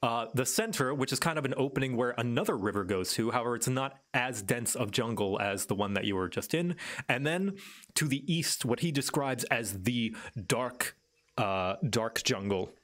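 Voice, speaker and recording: A man running a tabletop game as game master, narrating at a mid pitch. He is unhurried and pauses on fillers as he describes the scene. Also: animated, a bit bright.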